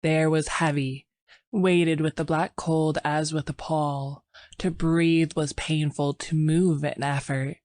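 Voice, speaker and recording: A woman narrating an audiobook in a slow, measured, somber way, recorded dry and close. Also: low voice, level tone, a little mellow, no room sound. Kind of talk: scripted narration.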